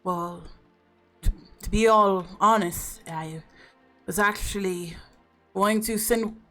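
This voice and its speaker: A woman voicing a hospitable, weary male groundskeeper in a put-on Scottish accent, speaking haltingly. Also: mid-range voice, fairly bright tone, faint music behind. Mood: hesitant. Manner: halting, hesitant speech.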